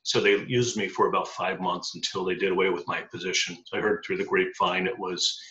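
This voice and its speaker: A man's voice: low-pitched, level tone, brisk, pushed and bright. A middle-aged man telling his life story in an interview, with many ums and uhs. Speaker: interview guest. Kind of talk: casual storytelling. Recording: dull lo-fi audio in echoey room.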